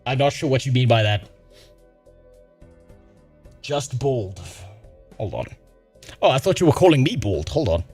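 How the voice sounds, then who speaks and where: A man's voice: mid-range voice, sing-song, unhurried, long pauses, a little mellow, breathy edge, faint music behind. A man streaming a casual reaction, sarcastic and crude, swearing often.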